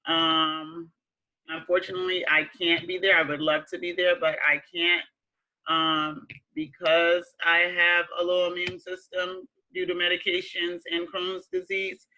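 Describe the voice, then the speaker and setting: A woman teacher giving relaxed class announcements, slow and chatty with some fillers. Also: lowish voice, muffled recording. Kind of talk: casual remote class announcements.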